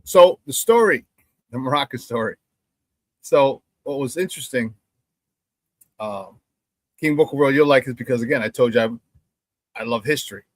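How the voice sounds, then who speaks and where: A middle-aged man hosting a sports talk show, telling stories with animated energy and acting out the banter he remembers. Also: mid-range voice, normal speed, pauses often, no room sound. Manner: animated storyteller, acts out quoted banter loudly, laughs often.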